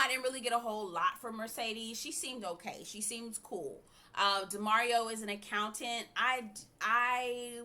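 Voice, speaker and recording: A woman with a bright, forceful voice reviews TV in a frank, chatty way. She is blunt and opinionated, and her pitch sits in the middle range. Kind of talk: casual opinionated commentary.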